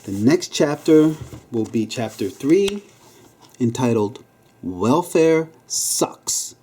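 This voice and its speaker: A man's voice: mid-range voice, animated, slow pace, warm tone, husky. A man reading his own memoir aloud as an audiobook narration. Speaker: memoir reader.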